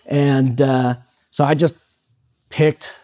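A man's voice: mid-range voice, level tone, extremely slow, dark tone. A man in his thirties giving a talk to students, telling a personal story in a loose, conversational way with many fillers. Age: 30s. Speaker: guest speaker at a high school. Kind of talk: storytelling speech.

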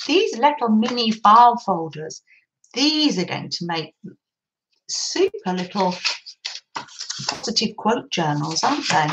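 A woman's voice: a little high, a bit bright, slight background noise, low-quality recording. A woman chatting through a craft session at her desk, gushing over papers and cooing about how lovely everything is. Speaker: craft vlogger. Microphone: camera on desk.

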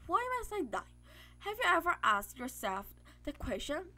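A woman voicing a grandiose, mad and very rich man who is a villain, speaking in calm, self-assured speeches. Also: sits high, normal speed, a little hiss or hum, heavily acted. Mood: lofty.

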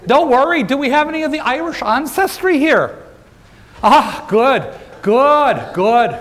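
A man performing as a jovial union organizer from the 1880s, folksy and full of jokes as he works the crowd. His voice sits high for a man. He talks straight to the audience in a first-person historical role-play. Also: a bit bright, heavily acted. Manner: folksy, joking, addresses the crowd directly. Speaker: living-history presenter.

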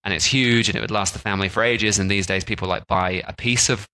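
A man co-hosting a travel and food podcast in a relaxed, conversational way. His voice sits a little low but has a bright, forward edge. He talks loosely, with frequent fillers and restarts. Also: quick pace, clear, resonant tone, rough recording. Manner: chatty, lots of "like" and restarts. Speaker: podcast co-host. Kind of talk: casual chat.

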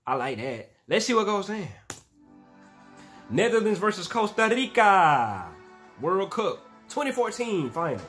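A young man in his twenties hosting a reaction video, talking in casual slang and bursting into shouts and laughs at the highlights. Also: very animated, a little slow, pauses often, soft background music.

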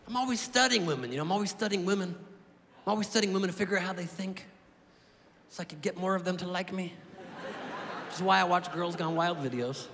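A man doing a stand-up comedy set on a club stage, animated and shouting his punchlines over audience laughter. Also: high-pitched. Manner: animated, shouting punchlines, quick asides to the crowd. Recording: live room with long reverb, crowd noise.

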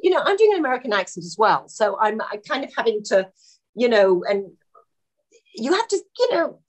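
A middle-aged actress chatting as a podcast guest, telling anecdotes and laughing often. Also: female voice, fairly high pitch, big pitch swings, a little fast. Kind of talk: casual podcast interview.

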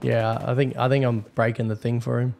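A man's voice: medium pitch, flat delivery, a little fast, vocal fry, darkish tone. A man with an Australian accent gives casual, blunt gameplay commentary as a server admin. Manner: casual, blunt, swears freely.

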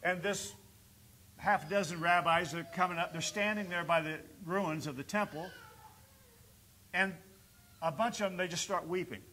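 A pastor preaches a sermon in a church sanctuary in a high, bright voice, swelling into loud bursts of exhortation and then dropping low and soft for storytelling. He moves at a moderate pace with frequent pauses, and there's a little hiss or hum.

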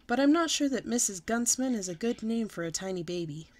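A woman's voice: fairly high pitch, lively intonation, a little fast, close to an everyday voice. A woman voicing a patient pregnant mother who speaks soothingly but firmly to her daughter in a read-aloud storybook. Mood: gentle, patient. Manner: soothing, gently firm.

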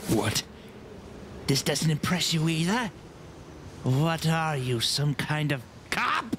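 An actor playing a scheming cartoon card dealer in a parody dub, with a theatrical, drawn-out delivery. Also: male voice, on the high side, very animated, noisy background, full character voice.

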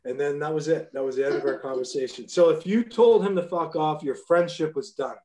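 A man's voice: fairly high pitch, fairly quick, mellow, roomy sound. A man in his fifties, a former pro hockey player guesting on a podcast, telling stories in a blunt, profane way with many restarts. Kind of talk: casual storytelling interview.

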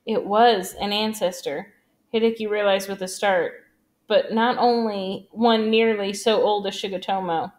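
A woman reading a novel aloud in steady, even scripted narration. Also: mid-range voice, unhurried. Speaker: audiobook narrator.

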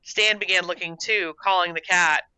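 An author reading their own short story aloud in a steady storytelling manner. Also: mid-range voice, moderate pace, clean tone, dry recording. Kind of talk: storybook narration.

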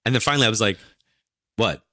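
A man, a psychic medium telling stories as a podcast guest in an animated, chatty way full of fillers. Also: fairly low pitch, brisk, no echo, studio quality. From New York. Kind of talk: casual interview storytelling.

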